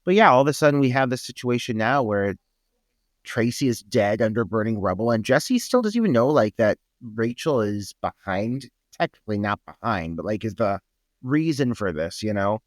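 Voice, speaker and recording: A man's voice: on the low side, animated, normal speed, no room sound, clean studio sound. A man co-hosting a podcast, giving laid-back, profane opinions on a film. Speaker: podcast co-host. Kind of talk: casual film discussion.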